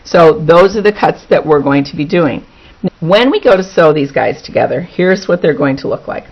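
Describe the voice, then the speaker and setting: A woman's voice: deep voice, lively intonation, normal speed, slightly rough. Chatty woman demonstrating quilting. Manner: chatty, talks through each step, repeats words for emphasis. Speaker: quilting instructor. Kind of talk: hands-on sewing demonstration. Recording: dull lo-fi recording.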